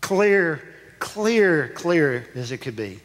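A man's voice: on the high side, sing-song, drawn-out words, fairly bright tone. A male pastor preaching a sermon, telling a personal story with emphatic repetition. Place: church sanctuary. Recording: church sanctuary with long reverb.

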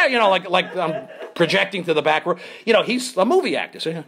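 A man hosts a comedy show and tells a story, acting out the people in it as he goes. His voice is bright and a little high, and it swings widely up and down. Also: brisk, a little hiss or hum. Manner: animated, acts out voices in his stories. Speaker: comedian host. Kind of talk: comic storytelling chat.

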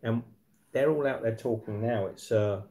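A man's voice: medium pitch, moderate pace, warm tone. A man, hosting a casual live stream from his apartment and chatting with viewers, rambling with fillers and restarts. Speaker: livestream host. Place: apartment at night.

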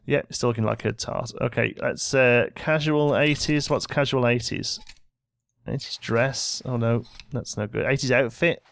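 A man's voice: mid-range voice, vocal fry, no echo. A young man giving casual gameplay commentary, bossing his in-game characters around with mock exasperation. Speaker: let's play host.

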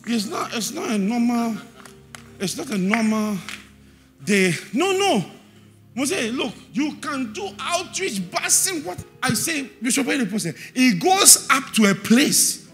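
A man with a Ghanaian English accent preaching a sermon in a church, repeating verse references and swinging from quiet asides to shouted, sing-song emphasis. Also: very high-pitched, very animated, measured pace, soft background music.

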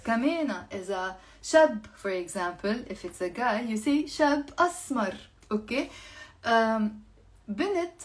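Lebanese woman, online Arabic teacher, slightly high voice, switches languages, slows to model words. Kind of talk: live online language lesson.

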